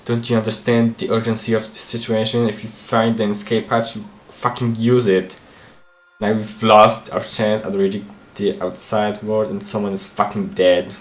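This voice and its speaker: A man's voice: lowish voice, little pitch movement, moderate pace, close to an everyday voice. A man voicing a harsh student who blames others and swears, in a game dub. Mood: furious. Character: furious accusing student, harsh and blaming.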